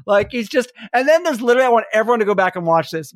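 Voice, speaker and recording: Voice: mid-range voice, expressive, fast, few pauses, no echo. An enthusiastic podcast host rambles happily through a casual chat, full of fillers. The mic is close and dry, with no room sound.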